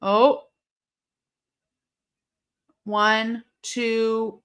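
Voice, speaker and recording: A woman hosting a live watch-along stream, chatting casually, answering her chat and breaking into sudden excited outbursts at the action. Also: fairly high pitch, a little slow.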